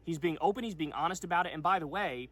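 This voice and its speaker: Brief: male political commentator, quite high voice, insistent, punchy delivery. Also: fast, a bit bright. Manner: emphatic, insistent.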